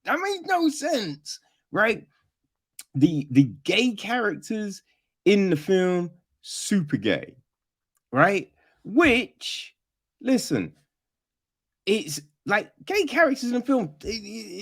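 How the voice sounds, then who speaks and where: A man talking through a film on his podcast, his voice sitting fairly high and swooping all over as he gets into it. He speaks unhurriedly and swears freely, and keeps checking in with his listener. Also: slow, creaky, slightly rough. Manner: animated, profane, mimics characters in mocking high voices; peppers talk with "right?" and "you know what I mean?". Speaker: podcast host. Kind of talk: casual film review chat.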